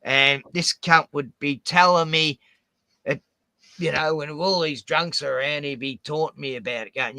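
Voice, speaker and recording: This Australian man talks in a bright, tense voice that sits a little high for a man. He tells rambling, profane stories with lots of swearing and animated outbursts. The recording is dry and close. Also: normal speed, dry recording. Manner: swears heavily, animated rants. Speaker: host. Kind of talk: profane casual storytelling.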